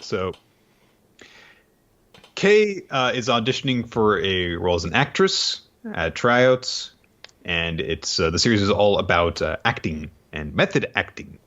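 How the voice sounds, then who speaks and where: A man with a very deep voice and a bright edge chatting as a podcast co-host, and his pitch swings widely. He sums things up loosely with plenty of ums and asides. The recording sounds dull and lo-fi. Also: big pitch swings, a little slow. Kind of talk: casual chat, summarizing the story. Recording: dull lo-fi mic.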